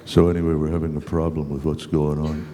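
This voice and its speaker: A man's voice: little pitch movement, fast, mellow. A man putting on the voice of a stern male boss who scolds a performer. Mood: scolding. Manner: lecturing, low and scolding. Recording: hall reverb.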